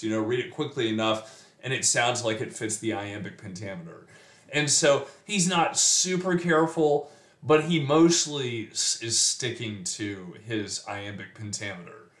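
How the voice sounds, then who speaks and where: A man reads a sonnet at an unhurried pace, then walks through it in a relaxed teaching manner. His voice sits in a middle register, and he stumbles and restarts now and then. The recording has a noticeable roomy echo. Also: mid-range voice. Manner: slow and measured, with frequent fillers and restarts. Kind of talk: poetry reading and lesson.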